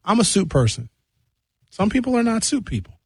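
A young man hosting a radio show, chatting casually with jokes and quick tangents. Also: high voice, gravelly, breathy edge, no echo. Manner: animated, jokey, jumps between tangents. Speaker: radio host.

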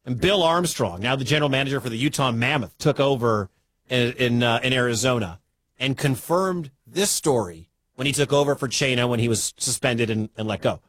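A man's voice: mid-range voice, brisk, fairly bright tone, dry recording. A man from the Midwestern US hosting a sports talk radio show, chatty and incredulous.

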